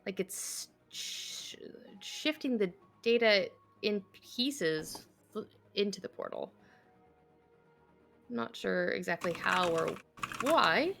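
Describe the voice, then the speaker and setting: A woman's voice: medium pitch, animated, slow pace, vocal fry, fairly bright tone. A woman playing a tabletop game, thinking aloud tentatively about what her character sees. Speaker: player. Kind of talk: casual chat in a tabletop game.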